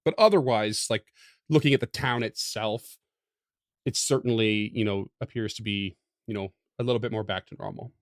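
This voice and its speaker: A man narrating as game master in a tabletop game, halting and full of restarts. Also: lowish voice, no room sound, clean studio sound. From Canada. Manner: hesitant, halting, laughs often.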